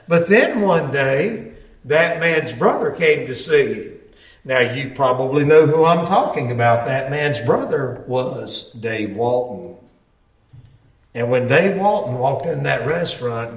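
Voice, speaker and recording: A man preaching a testimony as a folksy storyteller, acting out quotes with sudden shouts. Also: medium pitch, unhurried. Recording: echoey hall, mic far off.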